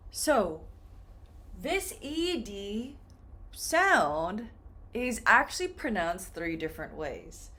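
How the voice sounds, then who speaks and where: A woman teaching an English pronunciation lesson, speaking slowly and modeling example words carefully. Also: mid-range voice, fairly bright tone. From United States.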